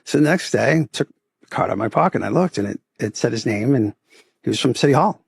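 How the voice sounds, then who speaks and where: Middle-aged boston guy on a podcast, gravelly raspy voice, animated storytelling, keeps saying right?. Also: medium pitch, fast, dry recording. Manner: animated storyteller, acts out quoted voices, often adds "right?". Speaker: podcast guest, photography business owner. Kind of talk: casual interview storytelling.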